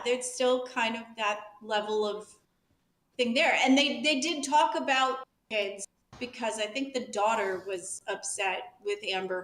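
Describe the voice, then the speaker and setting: A woman's voice: mid-range voice, a bit bright. A woman chatting casually on a stream show, hedging with lots of fillers. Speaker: show regular. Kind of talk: casual chat. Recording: roomy echo.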